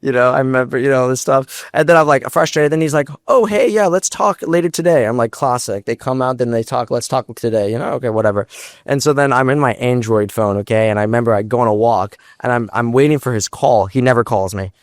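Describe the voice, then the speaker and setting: A young man, a startup founder, telling animated stories on stage and acting out quotes. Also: medium pitch, no echo, studio quality. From United States. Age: young adult. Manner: animated, fast storytelling with acted-out quotes. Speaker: startup founder, guest speaker. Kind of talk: storytelling on stage. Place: stage before a large live audience.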